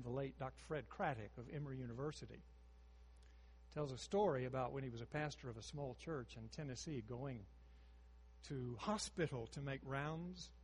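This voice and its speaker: A man in his sixties preaching a sermon, moving between hushed storytelling and emphatic rises. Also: medium pitch, husky, in a large hall.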